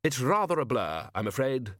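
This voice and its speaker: A man's voice: mid-range voice, big pitch swings, moderate pace, fairly bright tone, no echo, studio quality. A man doing a genteel, dreamy old beggar. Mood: wistful. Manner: refined, fond old-fashioned phrasing.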